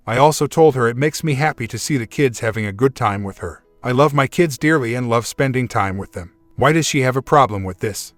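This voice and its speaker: A man reading a first-person relationship story aloud in a steady, even way. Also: mid-range voice, dry recording. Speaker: story reader. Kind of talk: scripted first-person narration.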